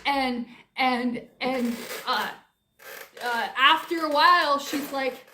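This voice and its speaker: Brief: young woman, giggly scattered storyteller, slow and very high. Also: bright, forceful tone, echoey room, a little hiss or hum. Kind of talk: improvised rambling comedic story.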